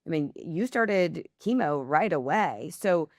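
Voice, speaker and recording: A woman's voice: on the low side, lively intonation, slow, no room sound, clean studio sound. A woman hosting a podcast, asking curious, probing follow-up questions in a conversational way. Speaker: podcast host. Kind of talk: conversational interview.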